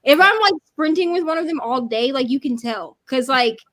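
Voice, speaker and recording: A woman with a Minnesotan accent, hosting a casual livestream chat in an animated, emphatic and opinionated way over a video call. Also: high-pitched, normal speed. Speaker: readathon host.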